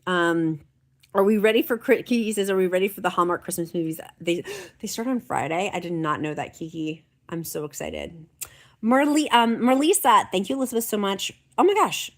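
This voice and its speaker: A woman's voice: on the low side, expressive, normal speed. A woman hosting a live stream, chatting and reading viewer comments aloud in an encouraging way. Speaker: livestream host. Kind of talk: casual livestream chat.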